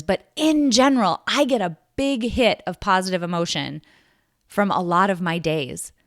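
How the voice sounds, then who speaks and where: A woman's voice: mid-range voice, no echo, clean studio sound. A woman hosting a solo podcast, talking in an earnest, reflective way with emphatic stresses. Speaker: podcast host.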